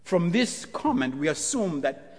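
A male pastor preaching a sermon, animated and full of rhetorical questions, acting out the voices in the story. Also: high voice, unhurried. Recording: long church hall reverb.

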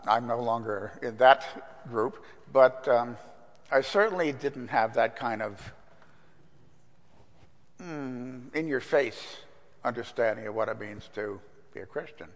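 An older man gives a conversational sermon, mixing stories with scripture in an everyday, mid-pitched voice. His words echo with a long church reverb. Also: fairly bright tone. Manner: conversational, anecdotal, with fillers. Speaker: pastor.

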